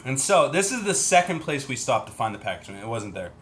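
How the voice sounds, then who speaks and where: A man hosting a livestream, telling a story in a chatty, animated way and acting out what other people said. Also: medium pitch, fairly quick, a little hiss or hum. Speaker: livestream host.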